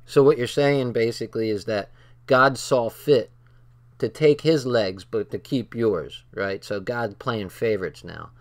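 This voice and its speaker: A man's voice: medium pitch, a little slow. A man hosting his channel, reading from a text and commenting on it in a blunt, profane, casual way, with stories from his own life. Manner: blunt and profane, talks straight from personal stories.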